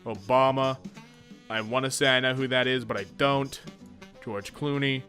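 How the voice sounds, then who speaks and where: A man reading memes and jokes aloud in a playful, joking way, often laughing and slipping into quick silly voices. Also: mid-range voice, fairly even intonation, sharp tone, soft background music. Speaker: meme video narrator.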